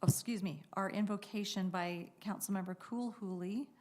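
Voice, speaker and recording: A woman's voice: mid-range voice, steady tone, moderate pace, a little mellow. A woman chairing a city council meeting, chatty and apologetic, correcting herself as she goes, speaking into a rostrum microphone. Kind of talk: meeting chair's casual introductions.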